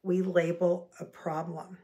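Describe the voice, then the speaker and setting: A woman's voice: on the low side, level tone, unhurried, mellow. A woman teaching communication skills in an earnest, spoken lesson, acting out short example phrases as she goes. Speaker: communication coach.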